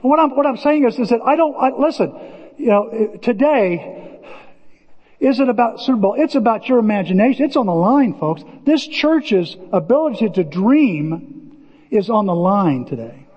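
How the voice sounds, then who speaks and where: Man, pastor, sermon, high voice, lively storytelling, long church reverb, dull lo-fi sound. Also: moderate pace. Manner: animated storytelling, acting out movie scenes in voices. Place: church sanctuary. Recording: muffled recording with long hall reverb.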